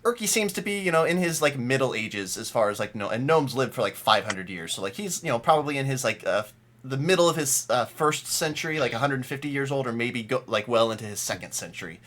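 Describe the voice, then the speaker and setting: A man's voice: mid-range voice, animated, fast talker, a bit bright, a little hiss or hum. A man chatting casually out of character at a tabletop game, rambling with many fillers.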